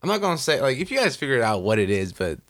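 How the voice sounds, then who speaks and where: A man co-hosts a podcast in Los Angeles, rambling casually with frequent "like" and "you know." His medium-pitched voice is sing-song, and he races along.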